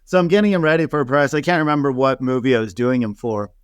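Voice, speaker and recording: A man talking casually in an interview, telling stories in an animated way and full of fillers. His voice sits in a middle range. The recording is dry and close, with no room sound. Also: medium pitch, quick pace, smooth, no room sound. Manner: animated, laughing storyteller with many fillers. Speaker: celebrity hairstylist guest.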